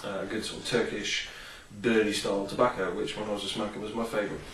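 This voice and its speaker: A man's voice: on the low side, flat delivery, fast, fairly bright tone, a little hiss or hum. A man reviewing a product in a casual, rambling vlog, full of ums and enthusiasm. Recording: roomy, distant from the mic.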